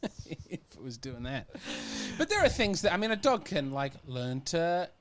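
A man's voice: fairly high pitch, sing-song, normal speed, a little hiss or hum. A man co-hosting a podcast, asking playful, joking questions in casual chat. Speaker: podcast co-host. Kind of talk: casual discussion.

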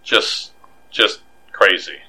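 A man co-hosting a podcast in casual chat, animated and joking, talking in loose, restarting sentences. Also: extremely slow, rough recording. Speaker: podcast co-host.

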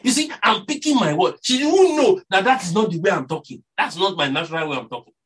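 A man with a Nigerian accent delivers a sermon. His voice is husky, and his pitch swings widely as he presses each point. He keeps circling back to the same phrases. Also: expressive, quick pace, fairly bright tone. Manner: earnest, repeats "you see" and phrases for emphasis. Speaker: preacher.

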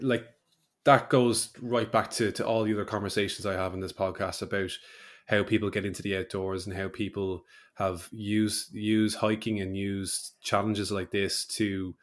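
A man hosting a podcast, easygoing and musing aloud in casual conversation. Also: fairly low pitch. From Ireland. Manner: easygoing, lots of fillers and restarts when musing. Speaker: podcast host. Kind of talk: conversational interview.

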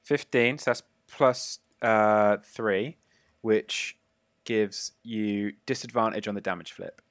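A man narrating a tabletop game as game master, describing the action in a casual way with quick asides. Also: fairly low pitch, fairly even intonation, fairly bright tone, no room sound, studio quality.

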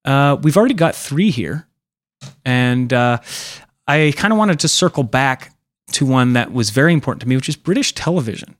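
A man's voice: mid-range voice, lively intonation, moderate pace, dry recording, clean studio sound. Rambling, swearing young man podcaster. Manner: loose, rambling, swears a lot, acts out voices. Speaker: podcast host. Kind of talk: casual comedy podcast banter.

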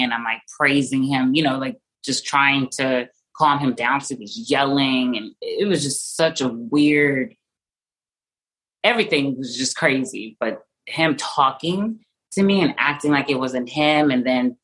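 A young woman with a strikingly deep, low voice tells a painful personal story in conversation. She speaks haltingly, full of fillers and restarts, often going soft and trailing off as she searches for words. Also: low-quality recording. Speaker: interview guest.

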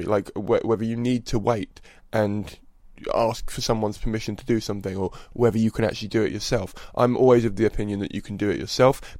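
A man's voice: fairly low pitch, a little mellow, no room sound. A man hosting a podcast, giving a chatty, earnest spoken introduction. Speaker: podcast host.

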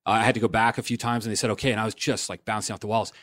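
Canadian man, low voice, dry close mic, rambling anecdotal guest. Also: racing, dry recording. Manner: animated anecdote-telling with many fillers. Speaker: actor guest. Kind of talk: casual interview storytelling.

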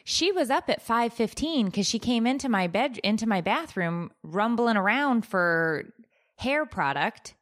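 A woman in her thirties, a podcast co-host, telling stories in casual chat, animated and playful. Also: a little high, a little slow.

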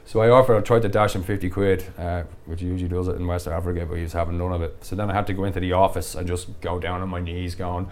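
Deep-voiced man telling stories. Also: fast, few pauses. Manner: animated, laughs often while telling stories. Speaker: podcast guest. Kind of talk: casual storytelling.

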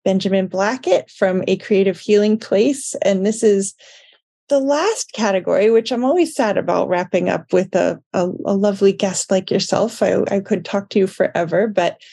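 A woman hosting a podcast interview, encouraging her guest, laughing often and reacting warmly. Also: medium pitch, moderate pace, gravelly, husky. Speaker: podcast host. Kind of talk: casual interview.

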